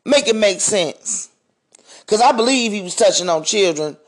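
A man's voice: sits high, animated, moderate pace. A man hosting a podcast, speaking in a blunt, profane, heated monologue rant. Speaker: podcast host. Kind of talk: ranting monologue.

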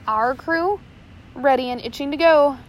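A woman's voice: high voice, a little slow, lo-fi sound, slight background noise. Shmi, a bumbling pirate mate, read by a woman. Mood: eager. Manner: loud, fumbling, stammering.

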